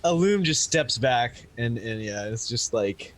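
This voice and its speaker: A man's voice: mid-range voice, animated, unhurried, hardly any pauses. A man playing a tabletop game, joking and describing his character's moves. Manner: playful, laughs often, narrates his character. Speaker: player. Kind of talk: casual tabletop play.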